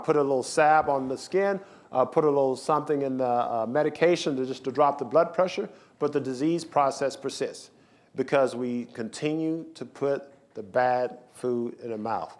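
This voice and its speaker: A man who is a physician, giving a health symposium lecture in an emphatic, repetitive, rhetorical way. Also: fairly high pitch. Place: lecture hall with slides.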